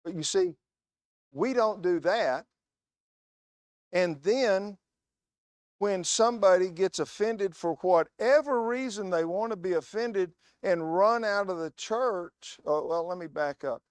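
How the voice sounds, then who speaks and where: A man delivers a sermon as a guest preacher, pressing his points with emphatic stress and spinning anecdotes in a storytelling manner. His voice sits a little high for a man. The sound is close and dry, with little room echo. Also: slow pace. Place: church.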